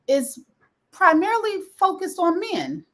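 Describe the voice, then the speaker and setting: A woman hosting an interview, asking questions in a lively, conversational way. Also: extremely high pitch, a little slow. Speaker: interview host. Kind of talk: casual interview talk.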